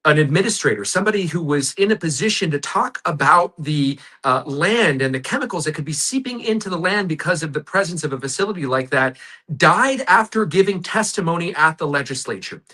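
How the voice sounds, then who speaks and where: Male talk host, bright tone, slightly high, conversational. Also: lively intonation, fairly quick. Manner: conversational, dramatic storytelling. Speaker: show host. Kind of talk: talk show interview.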